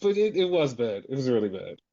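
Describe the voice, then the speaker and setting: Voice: mid-range voice, big pitch swings, brisk, creaky, mellow, muffled recording. A podcast co-host in casual chat, ranting animatedly and swearing a lot.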